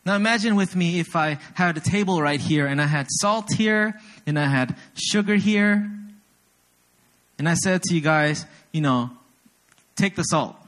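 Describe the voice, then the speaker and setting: A young adult man giving a sermon, an animated storyteller who teases himself and keeps checking in with his listeners. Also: a little high, measured pace. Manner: animated storyteller, self-deprecating, asks the audience often. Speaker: pastor.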